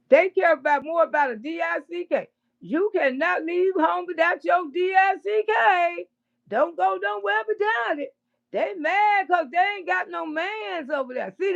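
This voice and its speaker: A woman doing casual livestream commentary, blunt and profane, with loud bursts of laughter. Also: high-pitched, vocal fry, dull audio.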